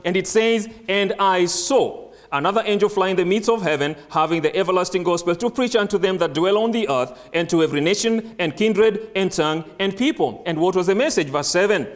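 A man with a high voice preaches a sermon in English, which is not his first language. He reads scripture slowly and leans hard on single words. He often asks the congregation questions and then answers them himself. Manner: slow, emphatic reading of scripture, stressing single words.

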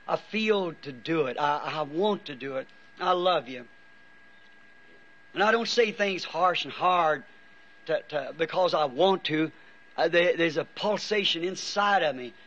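Pleading older-sounding male preacher, high and sharp, weary, dull old tape with faint hiss. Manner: earnest, pleading, halting restarts. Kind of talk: fervent prayer and altar call. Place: church before a congregation.

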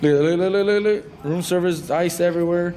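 A man's voice: high voice, brisk, mellow, a little hiss or hum. A man telling a rowdy story among friends in casual chat, swearing and repeating himself.

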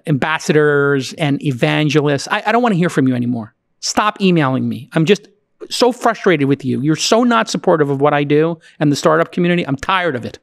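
A podcast host man on a full exasperated rant, his pitch leaping up as he acts out other people. The sound is dry and close on the mic. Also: gravelly, no echo. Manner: animated, exasperated, mimics others mid-rant. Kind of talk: ranting interview talk.

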